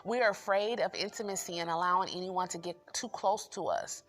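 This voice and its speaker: Lowish-voiced woman reviewing a self-help book. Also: brisk, fairly bright tone. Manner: encouraging, repetitive affirmations, loose and conversational. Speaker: book review channel host. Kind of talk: casual spoken book review. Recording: music playing behind voice.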